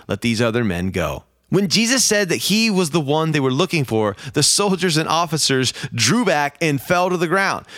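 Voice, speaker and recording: A man's voice: fairly high pitch, fairly bright tone, no room sound. Earnest man preaching, dry sound. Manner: earnest, pleading. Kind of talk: sermon.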